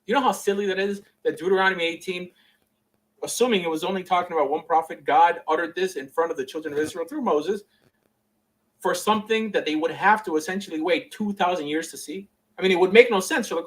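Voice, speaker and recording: A man with a Miami accent hosts and teaches on a livestream, explaining each point with animated emphasis. His voice is fairly high and sounds a bit away from the mic. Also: far from the mic, low-quality recording. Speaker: host.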